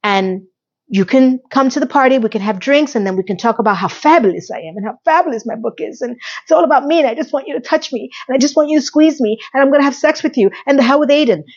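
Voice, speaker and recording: A woman's voice: on the high side, animated, a little fast. A woman voicing a giddy, self-absorbed woman writer who gushes in breathless run-on sentences. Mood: gushing. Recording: slightly muffled lo-fi audio.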